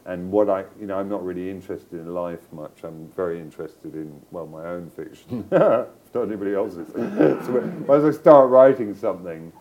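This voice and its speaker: A man's voice: low voice, moderate pace, hardly any pauses, muffled recording, slight background noise. A middle-aged male novelist in a book club conversation, telling stories in a discursive way, with digressions and restarts. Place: live event before an audience.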